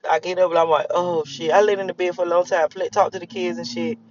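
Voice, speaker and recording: A man's voice: sits high, level tone, fast talker, muffled recording. A young man in a car, rambling and cursing as he reflects on his morning. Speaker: vlogger. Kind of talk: casual morning monologue while driving.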